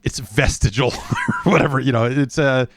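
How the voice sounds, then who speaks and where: A man's voice: medium pitch, moderate pace, no echo, clean studio sound. A man hosting a podcast in a casual, wry, rambling chat full of fillers and restarts. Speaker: podcast host.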